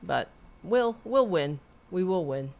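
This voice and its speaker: A woman's voice: fairly low pitch, expressive, slow pace, creaky, a little mellow. A woman hosting a live stream, chatting loosely and rambling, swearing now and then. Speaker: host. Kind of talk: casual live-stream sign-off chat.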